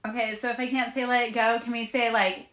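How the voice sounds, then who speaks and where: Blunt, animated woman in an echoey room. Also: on the high side, fairly quick. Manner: blunt and animated, swearing casually. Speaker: spiritual reader and livestream host. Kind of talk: casual livestream chat. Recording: roomy, echoey room sound.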